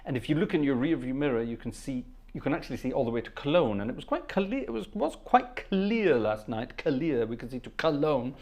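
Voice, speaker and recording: A man's voice: medium pitch, animated, brisk, hardly any pauses, a little mellow. Chatty man greeting livestream viewers. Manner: chatty, humming and trailing off between greetings. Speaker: livestream organ concert host. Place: at the organ console.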